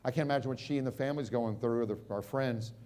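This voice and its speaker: A middle-aged American man giving a motivational seminar talk, quizzing the crowd and swinging from loud punches to hushed moments. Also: mid-range voice, fast talker. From United States. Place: stage at a live seminar.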